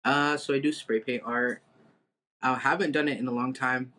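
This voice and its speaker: A man's voice: mid-range voice, steady tone, moderate pace, bright, forceful tone. A man chatting casually as a podcast guest, easygoing, with many filler words as he talks. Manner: easygoing, lots of filler likes. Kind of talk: casual chat.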